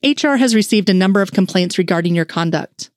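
A woman voicing a stern, gruff male FBI supervisor who speaks curtly in an audiobook-style fan fiction reading. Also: mid-range voice, animated, fast, dry recording, studio quality, natural voice. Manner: growling, curt.

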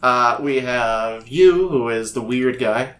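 A man's voice: mid-range voice, takes it slowly. Laughing, profane male podcast co-host. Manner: laughs often, swears freely, animated storytelling. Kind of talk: casual chat.

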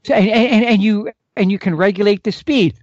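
A man's voice: sits high, normal speed, darkish tone, no echo, muffled recording. A man on a podcast, an elk calling expert, telling hunting stories with energy and showing calls with his mouth. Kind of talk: animated podcast storytelling.

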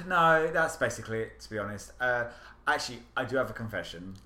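A young man co-hosting a podcast, telling gossipy stories in casual chat, animated and swearing freely. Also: mid-range voice, moderate pace. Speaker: podcast co-host. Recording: echoey room with faint hiss.

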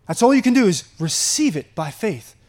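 A man preaching a sermon, earnest and full of wonder, slowing down for emphasis and breaking into delighted laughs. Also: high-pitched, very animated, darkish tone. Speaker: pastor.

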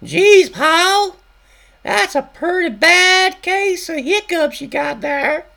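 A shrill high-pitched country wife from a cartoon, drawling. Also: male voice, lively intonation, slow pace, creaky, pushed and bright, exaggerated voice. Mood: exasperated.

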